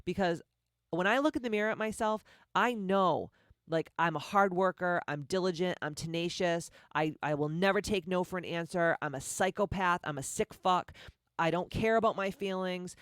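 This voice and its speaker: A woman with a deep voice hosting a motivational podcast, blunt, profane and confrontational, firing off repeated rhetorical questions. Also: normal speed, no echo, clean studio sound. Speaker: podcast host.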